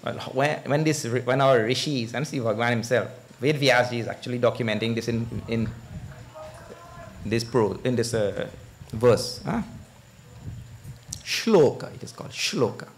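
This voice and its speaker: A man's voice: medium pitch, normal speed, long pauses, a little hiss or hum. A man giving a scripture discourse as a swami, telling stories with chuckles and asking his audience questions. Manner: animated storytelling, chuckles, asks the audience "eh?". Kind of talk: sermon.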